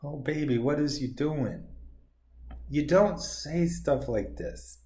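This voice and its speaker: A man's voice: a little high, expressive, takes it slowly, darkish tone. Sarcastic man rambling in an echoey room. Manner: sarcastic, rambling, mocks others in put-on quotes. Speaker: comics creator and commentator. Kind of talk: casual opinion commentary. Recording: roomy echo.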